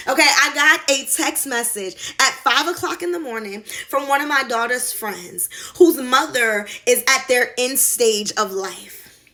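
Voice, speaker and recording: Passionate, high-voiced woman motivational vlogger. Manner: passionate, swings between shouting and soft confiding. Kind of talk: motivational talk to camera. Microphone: handheld phone camera.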